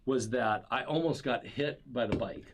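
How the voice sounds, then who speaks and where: Man telling a rambling, animated story. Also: mid-range voice, normal speed. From Wisconsin, USA. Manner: animated storyteller, swears freely, self-mocking. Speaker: podcast guest. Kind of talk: casual interview chat.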